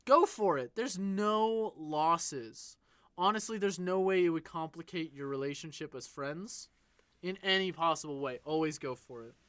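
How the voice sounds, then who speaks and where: A young man co-hosting a casual comedy podcast, jokey and excitable, swearing and riffing. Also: a little high, measured pace, no echo. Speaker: podcast co-host.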